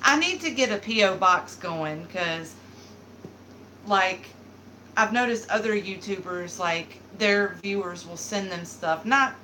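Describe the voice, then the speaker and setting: A woman's voice: mid-range voice, slow, sharp tone, a little hiss or hum, low-quality recording. A young woman with a Southern American accent, chatting casually with viewers on her live stream, rambling with plenty of fillers. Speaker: beauty YouTuber hosting a live stream.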